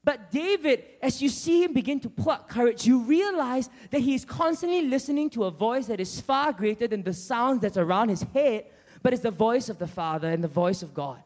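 Male preacher with a very high voice and a lively storytelling delivery, recorded in an echoing hall. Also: normal speed. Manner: animated storytelling, acting out characters. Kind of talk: sermon. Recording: long church hall reverb.

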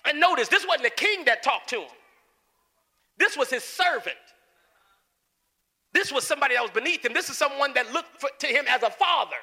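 A man preaching a fervent, animated sermon, repeating phrases for emphasis. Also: very high-pitched, fairly quick. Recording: long church reverb.

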